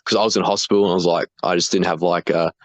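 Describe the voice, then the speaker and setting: A young man, a foreign fighter appearing as a guest, talks casually about being wounded in a low, steady voice at a racing pace. He laughs often, swears freely, and restarts a lot. There's no room sound.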